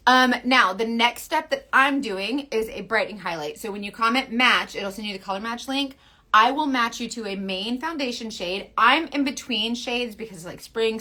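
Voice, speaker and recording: A woman in her thirties talks through a makeup tutorial in a slightly high voice. She is chatty, playful and coaxing, and she often drops to a soft near-whisper. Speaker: makeup seller.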